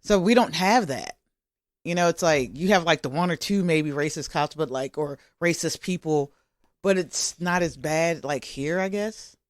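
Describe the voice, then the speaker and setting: A woman comedian guest telling stories in a casual podcast chat, animated and laughing often. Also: deep voice, normal speed, dry recording, studio quality.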